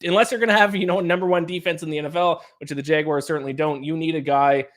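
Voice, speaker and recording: Man co-hosting a sports podcast, higher voice. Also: fairly even intonation, quick pace. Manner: analytical, talks in long explanations with fillers. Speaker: podcast co-host. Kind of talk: casual sports podcast chat.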